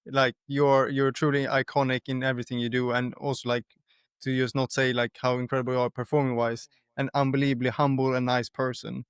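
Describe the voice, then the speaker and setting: A man's voice: medium pitch, little pitch movement, brisk, smooth, no room sound, studio quality. A man hosting a podcast interview, asking earnest, admiring questions. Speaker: podcast host. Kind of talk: casual interview.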